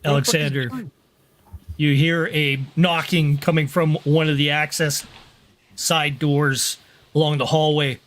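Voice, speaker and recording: A man's voice: fairly high pitch, little pitch movement, unhurried, fairly bright tone. A man narrating a sci-fi tabletop game as game master, in plain descriptive sentences.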